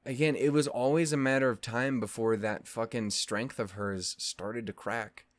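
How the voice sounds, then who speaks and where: Man, reaction host, emotional, lots of swearing, stumbling restarts, mid pitch, dry close sound. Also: normal speed, no room sound. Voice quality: voice actor's expressive delivery. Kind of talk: casual reaction commentary.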